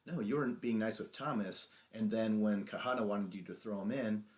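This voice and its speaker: Low-voiced man retelling a reality show. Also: normal speed. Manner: animated retelling, acting out quotes, laughs often, swears. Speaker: podcast host. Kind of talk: casual podcast recap chat.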